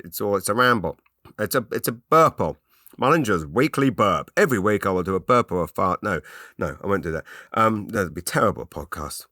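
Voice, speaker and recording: A man's voice: sits low, a bit bright, no echo, clean studio sound. A man with an English accent hosting a podcast, telling a rambling comic story full of restarts and put-on voices. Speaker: podcast host. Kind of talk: solo comedic ramble.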